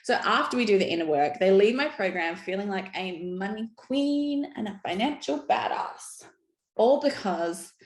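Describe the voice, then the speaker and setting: A woman in her thirties giving a frank, upbeat motivational talk on money as a coach. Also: mid-range voice. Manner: frank, upbeat, peppered with "right?". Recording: roomy echo.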